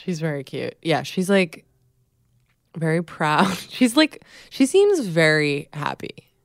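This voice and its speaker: A woman's voice: deep voice, sing-song, slow, dry recording, clean studio sound. A woman co-hosting a podcast, wry and amused, chatting casually and laughing often. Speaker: podcast co-host. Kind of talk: casual chat.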